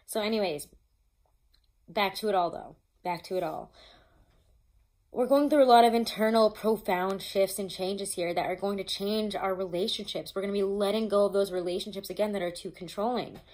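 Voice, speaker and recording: A woman's voice: medium pitch, fairly even intonation, fairly quick, hardly any pauses, darkish tone. A woman giving a casual tarot reading, chatty and loose, swearing freely and stumbling over her notes. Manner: reads from notes, restarts often. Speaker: tarot reader.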